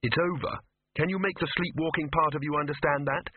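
A man's voice: fairly high pitch, fairly even intonation, a little fast, slight background noise, pitched above the performer's own voice, close to an everyday voice. A man voicing a hasty, flustered young man. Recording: phone-like lo-fi audio.

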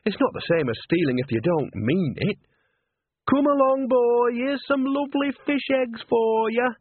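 A man voicing a cheerful old countrywoman who talks in a sing-song, coaxing, drawn-out way. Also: very high-pitched, lively intonation, husky, dry recording, pitched above the performer's own voice, heavily acted. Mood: hurt. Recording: dry, tinny phone-like sound.

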